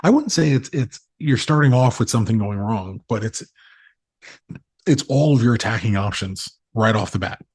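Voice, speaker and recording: A man in his thirties, co-hosting a casual podcast, telling animated stories and swearing freely. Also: on the low side, normal speed, slightly rough, no room sound, clean studio sound. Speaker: podcast co-host. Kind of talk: casual chat.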